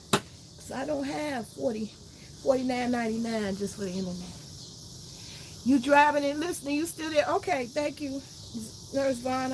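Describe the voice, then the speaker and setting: Casual livestream host, woman, outspoken ranting, gravelly voice. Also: high-pitched, noisy background. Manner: ranting, outspoken, swears freely. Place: garden outdoors, then indoors.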